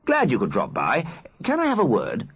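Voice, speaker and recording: A man voicing a polite older gentleman who speaks in a measured, proper way with a husky tone. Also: medium pitch, huge pitch swings, pitched above the performer's own voice, exaggerated voice. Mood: calm. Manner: genteel, measured.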